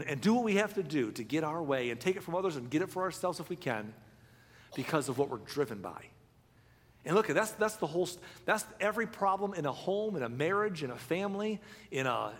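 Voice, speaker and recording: A man's voice: on the high side, a bit bright. Male pastor, slightly raised voice, casual sermon delivery with acted-out asides, long hall reverb. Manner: conversational, acts out imagined objectors.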